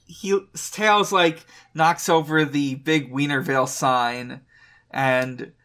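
A man's voice: a little high, fairly even intonation, slow, a bit bright. A man co-hosting a casual podcast, recapping an episode with many fillers and restarts. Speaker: podcast co-host. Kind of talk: casual chat.

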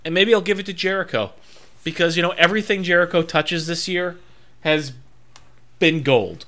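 A man co-hosting a casual talk show, his voice sharp and bright and pitched a little high. He argues his points firmly and fills pauses with ums as he thinks aloud. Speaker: podcast co-host. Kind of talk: casual wrestling chat.

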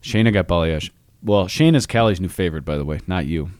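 A man's voice: sits low, fairly quick, a little mellow, no room sound, clean studio sound. A man co-hosting a casual chat, telling stories in a teasing way. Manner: storytelling, teasing. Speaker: podcast co-host.

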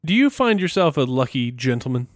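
A man's voice: medium pitch, sing-song, brisk, no echo, studio quality. A married man co-hosting a casual podcast, rambling and self-deprecating and laughing often. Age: adult, married. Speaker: podcast co-host.

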